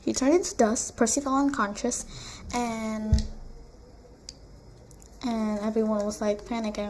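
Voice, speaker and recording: Slow, chatty woman retelling a book. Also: on the high side, flat delivery, background noise. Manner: chatty, rambling, full of "like" and asides. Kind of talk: casual retelling of a novel. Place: room at home with a blue wall.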